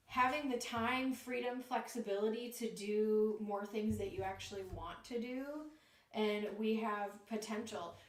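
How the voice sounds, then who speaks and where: A woman's voice: a little high, far from the mic. A woman with a Northeast Ohio accent giving a live tarot reading, easygoing and full of fillers. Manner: slow and easygoing, many fillers. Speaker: tarot reader. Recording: echoey room, voice away from mic.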